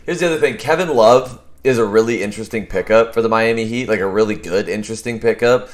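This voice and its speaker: A man's voice: fairly low pitch, fast talker. A young man hosting a casual podcast chat, talking loosely and profanely and laughing often. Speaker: podcast host.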